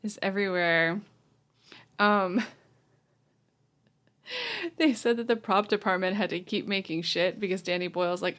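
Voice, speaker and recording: A woman's voice: medium pitch, steady tone, measured pace, pauses often, a bit bright. A woman co-hosting a casual film podcast, chatty, often laughing and quoting characters. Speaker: podcast co-host.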